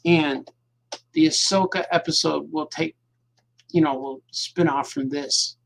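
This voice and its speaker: Creaky-voiced man chatting while drawing. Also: a little high, steady tone, moderate pace, a bit bright, slight background noise. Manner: chatty, repeats words, drifts between thoughts. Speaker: cartoonist hosting his own show. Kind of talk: rambling casual chat while drawing. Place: home at night.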